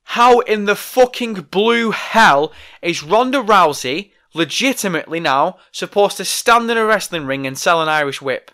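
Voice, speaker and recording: A man's voice: fairly high pitch, expressive, moderate pace, sharp tone, smooth. A man delivering an angry, profane, sarcastic rant about wrestling. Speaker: wrestling commentator. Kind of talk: ranting monologue.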